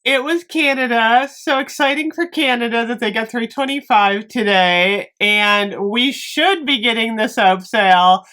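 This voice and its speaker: Bubbly, bright-voiced woman vlogger. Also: a little high, a little slow, hardly any pauses. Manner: bubbly, apologetic, laughs often. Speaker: beauty vlogger. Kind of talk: casual chat to camera.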